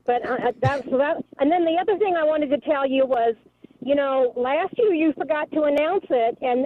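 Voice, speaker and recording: An outspoken woman caller with a high voice comes through a thin, tinny phone line. She talks emphatically and doesn't hold back. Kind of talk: phone-in complaint. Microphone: telephone.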